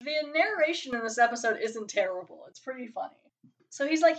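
A woman's voice: fairly high pitch, animated, brisk, fairly bright tone. Rambling woman podcast host. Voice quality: rambling, many "like" fillers. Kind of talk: casual episode review chat. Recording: poor home podcast mic.

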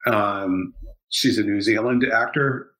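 A man's voice: lowish voice, takes it slowly, bright, forceful tone, low-quality recording. A man in casual podcast chat, rambling with many fillers and restarts.

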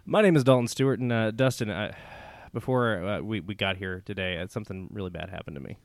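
A man co-hosting a casual film podcast, joking around in an animated way. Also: on the low side, fast, no room sound. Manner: jokey, animated, hesitant fillers. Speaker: podcast co-host.

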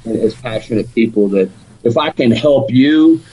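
Brief: man, Alabama accent, husky, relaxed podcast guest, slangy and animated. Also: mid-range voice, normal speed, poor audio. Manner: animated and laid-back, sprinkled with "man" and "dude". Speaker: competition barbecue pitmaster, guest. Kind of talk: casual podcast interview.

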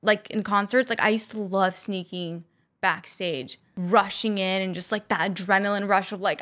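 A young woman telling animated, self-mocking stories to her viewers. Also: medium pitch, normal speed. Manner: animated, self-mocking, acts out quotes in loud squeals. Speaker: vlogger. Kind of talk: casual storytelling to camera.

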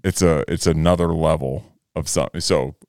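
A man's voice: rumbling low, steady tone, moderate pace, a little mellow, no room sound, clean studio sound. A man co-hosting a podcast in casual chat, loose and profane, joking around. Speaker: podcast co-host.

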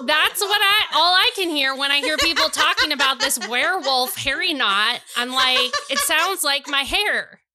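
A woman's voice: sits high, expressive, normal speed, hardly any pauses, heavy background noise. A woman co-hosting a casual podcast, making blunt, wry jokes. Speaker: podcast co-host. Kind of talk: casual chat.

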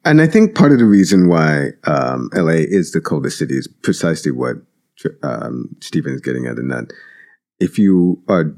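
A man's voice: a bass voice, big pitch swings, normal speed, vocal fry, a little mellow. A man co-hosting a casual talk podcast, telling stories loosely with many fillers and restarts. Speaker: podcast co-host. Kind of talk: casual conversation.

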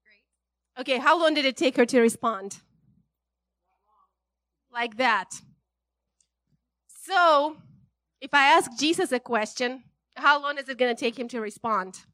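A woman with a high voice preaches in a relaxed, conversational way. She is chatty and animated, laughs a lot and keeps checking in with her listeners. The sound is close and dry. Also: measured pace, pauses often, dry recording. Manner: chatty and animated, laughs often, many "right?" tags. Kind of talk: casual, conversational sermon.

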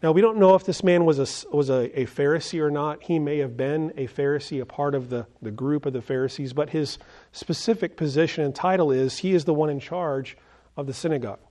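A pastor delivers a sermon in a somewhat high voice for a man. He speaks earnestly, often turning to his listeners with questions. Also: a little fast, mellow. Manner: earnest, asks the congregation questions.

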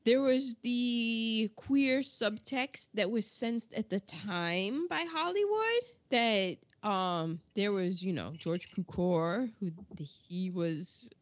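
A woman's voice: mid-range voice, lively intonation, no room sound. American woman podcast co-host, chatty and opinionated, dull dry lo-fi audio. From United States. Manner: chatty, opinionated, quick asides. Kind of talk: casual chat.

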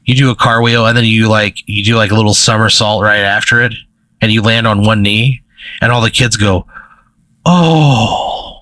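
A man's voice: on the low side, level tone, a little fast, pushed and bright, a little hiss or hum, poor audio. A young man co-hosting a podcast, spinning a rambling hypothetical story full of "like" and "you know", on a close mic. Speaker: podcast co-host. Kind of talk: improvised storytelling.

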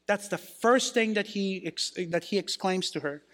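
A pastor with a high, slightly bright voice preaches a sermon, quoting scripture and slowing down to give key phrases weight.

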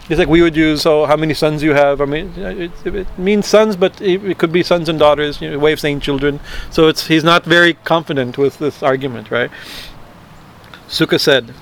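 Guy teaching a scripture class, kinda high voice, stops and starts a lot, keeps going "right?", faint hiss behind. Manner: halting, many fillers and tag questions.

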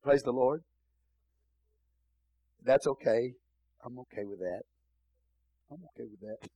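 A man's voice: mid-range voice, slow pace, warm tone, dry recording, poor audio. A male pastor preaching a sermon in a church, repeating phrases and calling out hallelujah.

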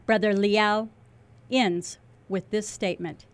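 A woman delivering a fervent religious warning as a self-styled watchman, declaiming with heavy emphasis and dropping low on key words. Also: steady tone, slow. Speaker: self-described watchman preacher.

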